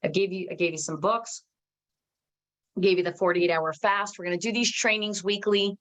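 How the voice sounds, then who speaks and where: A woman giving an emphatic motivational training talk to her team, talking quickly and restarting often. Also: on the low side. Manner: energetic, emphatic, reads out viewers' comments.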